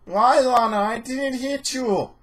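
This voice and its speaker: A man voicing a hammy male lawyer with a put-on Russian accent, talking slowly and with overblown drama. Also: very high voice, fairly bright tone, pitched above the performer's own voice, heavily acted. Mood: overwrought.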